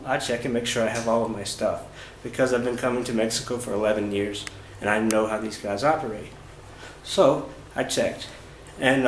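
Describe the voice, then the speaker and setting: A man vlogging about his travels, recounting events in a casual, halting way with many fillers and restarts. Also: mid-range voice. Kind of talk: casual first-person storytelling. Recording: roomy echo with faint ambient noise.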